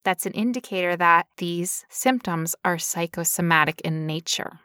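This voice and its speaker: A woman co-hosting a podcast, wry and emphatic as she talks. Her voice is smooth, crisp and bright, recorded dry and close. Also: fairly low pitch, moderate pace, dry recording. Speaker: podcast co-host. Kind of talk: casual podcast chat.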